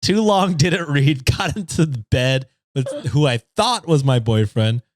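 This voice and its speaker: A man's voice: fairly high pitch, animated, unhurried, dry recording. A man co-hosting a podcast, reading stories aloud in a casual chat and laughing often.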